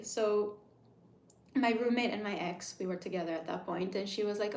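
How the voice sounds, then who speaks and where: A woman in her thirties chatting casually on a livestream, reading comments and swearing freely, with hushed asides. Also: medium pitch, steady tone, fairly quick. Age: 30s. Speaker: livestream host. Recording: echoey room sound.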